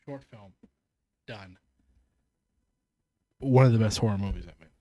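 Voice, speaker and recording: A man's voice: fairly low pitch, unhurried, dark tone. A man co-hosting a podcast in casual chat, animatedly retelling a film scene, swearing and acting out the lines. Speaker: podcast co-host.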